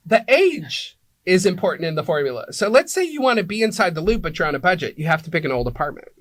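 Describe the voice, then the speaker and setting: A man's voice: high-pitched, sing-song, fast talker. A man being interviewed as an apartment locator, explaining things like a teacher and checking in with "right?" and "okay?" as he goes.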